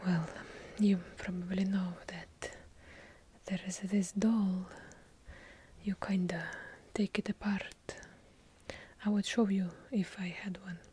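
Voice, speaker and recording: A woman with a heavy Russian accent doing whispered ASMR, with dry, deadpan joking asides. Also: medium pitch, takes it slowly, slight background noise. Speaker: ASMR creator. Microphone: handheld recorder up close.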